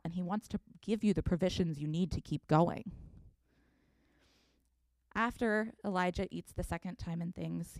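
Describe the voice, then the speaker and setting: A woman pastor in her thirties preaching a sermon, telling a scripture story with expressive reading. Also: lowish voice, no room sound, clean studio sound.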